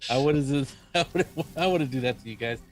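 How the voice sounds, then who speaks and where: A man of medium pitch narrates a tabletop game as game master. He pauses often, and his halting speech is full of fillers and restarts.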